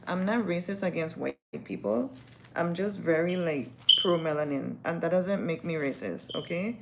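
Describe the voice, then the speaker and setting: Brief: young woman, gravelly texture, blunt and profane livestream storyteller. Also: on the low side, normal speed, noisy background. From West Indies. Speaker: livestream host. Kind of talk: casual livestream chat.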